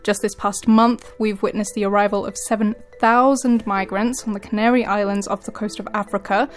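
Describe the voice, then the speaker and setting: A woman presenter reading scripted news and introducing a studio guest, clear and measured. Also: mid-range voice, fairly even intonation, faint music behind. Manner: clear, measured broadcast delivery.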